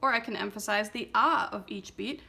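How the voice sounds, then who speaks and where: A woman teaching a music lesson, explaining a playing exercise step by step in a clear, methodical, patient way. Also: medium pitch, normal speed, bright, forceful tone. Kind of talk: instructional explanation.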